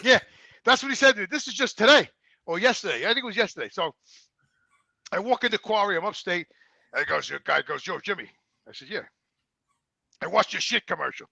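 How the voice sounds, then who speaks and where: Loud, foul-mouthed, gravelly man. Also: sits high, animated, fast, pauses often, no room sound. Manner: loud, foul-mouthed storyteller acting out quoted dialogue. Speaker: podcast co-host. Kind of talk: profane comedic rant.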